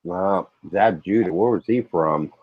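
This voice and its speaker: Man, low voice, relaxed chat, dry sarcasm, muffled dry audio. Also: measured pace, dry recording. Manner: laid-back, dry and sarcastic. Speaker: guest. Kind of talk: casual chat.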